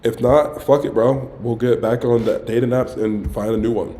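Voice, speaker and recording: This young man's voice sits at medium pitch, steady and warm, moving at a moderate pace. He's streaming casually and rambling about a dating experience, interrupting himself and repeating "bro" over and over.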